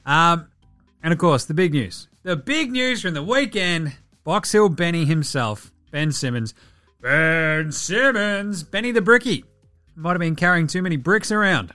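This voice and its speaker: An Australian man hosting a basketball talk show, chatting casually with profane jokes and quick asides. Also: fairly high pitch, expressive, pushed and bright, no echo, soft background music. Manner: profane, joking, rapid asides. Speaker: basketball podcast host. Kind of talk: casual sports chat.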